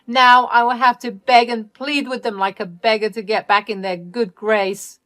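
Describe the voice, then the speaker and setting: A woman doing a selfish young sister in a story, whiny and frantic, her voice pushed high and loud, sounding close and dry with no room around it. She pleads and snaps in a shrill way. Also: lively intonation, unhurried, no room sound. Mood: angry.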